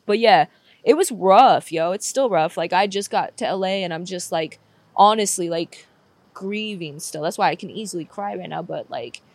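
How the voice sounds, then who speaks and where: A woman's voice: fairly low pitch, normal speed, no echo. A young woman telling a painful personal story with candor and frequent swearing, close to tears at times. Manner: candid, swears often, says "like" a lot. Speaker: podcast guest.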